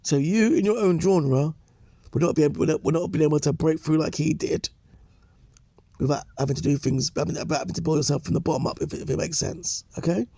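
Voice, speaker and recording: A man's voice: a little high, quick pace, gravelly, dark tone, no room sound. A man giving opinion commentary in a lecturing way, restating points and tagging them with "yeah?" and "okay?". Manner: emphatic, restates points for effect.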